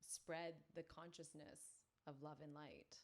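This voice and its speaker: A woman podcast guest telling a personal story, animated and full of "like" fillers. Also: sits low, slow pace. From family from India.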